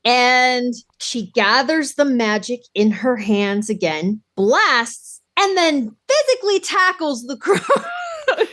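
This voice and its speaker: A woman co-hosting a podcast in casual chat, recapping scenes animatedly with many quick affirmations. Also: high-pitched, very animated, a bit bright. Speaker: podcast co-host.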